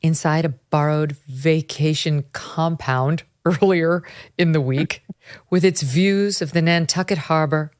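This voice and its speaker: A woman's voice: low voice, steady tone, drawn-out words, pauses often. A woman putting on a 1950s Hollywood mid-Atlantic accent, reading text in a theatrical, mock-dramatic way.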